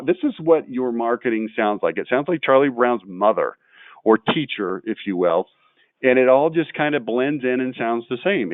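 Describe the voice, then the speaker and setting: A blunt man runs a marketing webinar and gets fired up as he picks apart weak examples. His voice sits at an ordinary pitch. It comes through a narrow, phone-like line with no room sound at all. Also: no room sound. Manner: blunt, gets worked up and ranting. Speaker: webinar presenter.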